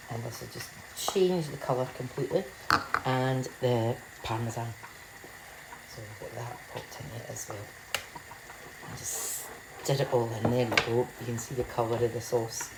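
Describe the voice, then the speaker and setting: A woman with a low, gravelly voice chats her way through a home cooking vlog. She rambles and laughs at herself. The kitchen sounds echoey, with pots and pans clattering behind her. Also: very noisy. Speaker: home cook.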